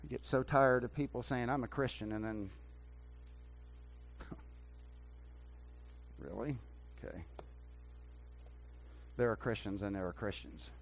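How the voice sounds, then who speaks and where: A man preaching a sermon as pastor in a church, swinging between hushed talk and loud emphatic preaching. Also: mid-range voice, fairly even intonation, unhurried, long pauses, a little hiss or hum. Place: church sanctuary.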